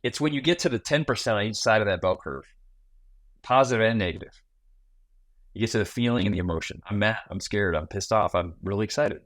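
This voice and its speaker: Animated storytelling man, lowish voice. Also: no room sound. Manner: animated storyteller, acts out small talk in quick asides. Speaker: guest, founder and keynote speaker. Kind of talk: conversational podcast interview.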